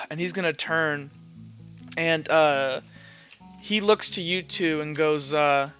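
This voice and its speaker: Male game master, loose filler-heavy narration, fairly high voice, faint background music. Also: slow, pushed and bright. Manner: casual, hesitant, many fillers. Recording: muffled audio with background music.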